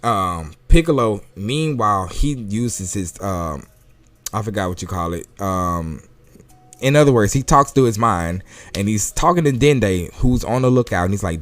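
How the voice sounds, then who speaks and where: A man's voice: lowish voice, expressive, measured pace, no room sound. Laid-back man reviewing manga. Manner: casual, chatty, laughs often. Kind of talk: casual chat. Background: faint music.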